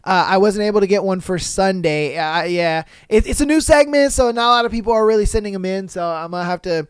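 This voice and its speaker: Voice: medium pitch, lively intonation, quick pace, clear, resonant tone, no echo. A podcast host chatting casually and jokingly on their own, using lots of slang, laughing at their own bits and slipping into exaggerated voices for quotes. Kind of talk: casual solo podcast chat.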